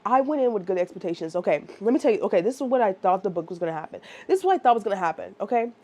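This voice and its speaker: Chatty woman with a mellow voice. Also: mid-range voice, rapid-fire. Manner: animated, rambling, lots of "like" and "right?". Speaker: book reviewer. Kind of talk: casual chatty book review.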